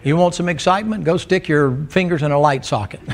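A preacher with a fairly high-pitched voice talks fast through a folksy, joking sermon. Before his church congregation, he tells stories and teases the listeners.

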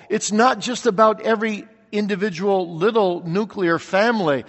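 High-voiced preacher in a reverberant hall. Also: male voice. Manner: earnest, rhetorical questions, swings from loud to quiet. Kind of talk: sermon. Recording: long reverb of a large hall.

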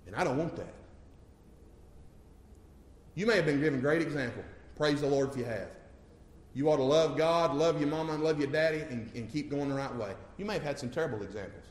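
A man preaching with fervor in a church sanctuary, his fairly high voice swinging between hushed and loud. The sound comes back from a roomy hall with a long reverb trailing each line. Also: quick pace. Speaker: pastor. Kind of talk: sermon.

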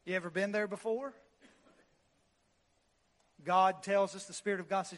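A man's voice: sits high, steady tone, normal speed, long pauses, big-room sound. A man preaching a sermon as pastor, emphatic, repeating lines and restarting words as he drives a point home.

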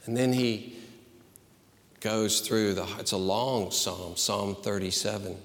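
Slow, earnest preacher man in a reverberant hall. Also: fairly low pitch, creaky. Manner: earnest, emphatic, slow and deliberate. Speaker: pastor. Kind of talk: sermon.

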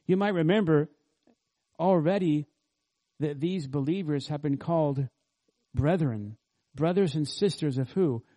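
Mellow-voiced man preaching a sermon. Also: on the high side, a little slow, pauses often. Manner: earnest teaching with rhetorical questions. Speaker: pastor. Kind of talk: expository sermon.

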